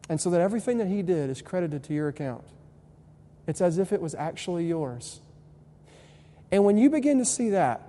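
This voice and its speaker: A young man preaches a sermon, his voice dark and mellow and a little higher than most men's. He shifts between hushed tenderness and fervent, loud exhortation. The sound rings with long hall reverb over a faint hum. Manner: swings from quiet tender lines to loud impassioned preaching. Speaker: pastor.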